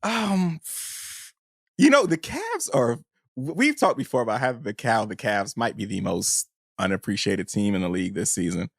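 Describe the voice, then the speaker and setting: A man with a mid-pitched voice whose pitch swings widely as he talks, moving between quiet asides and loud, laughing rants. His talk is casual and profane, and the recording is dry and close. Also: animated, normal speed, vocal fry, no room sound. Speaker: podcast co-host. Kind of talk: casual sports chat.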